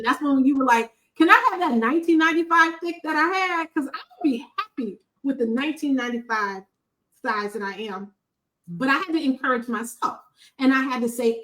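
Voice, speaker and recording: High-voiced woman, emphatic and animated. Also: poor audio. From Buffalo, New York, USA. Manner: animated, emphatic, preacher-like cadence with frequent laughs. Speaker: podcast host. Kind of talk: heartfelt conversational testimony.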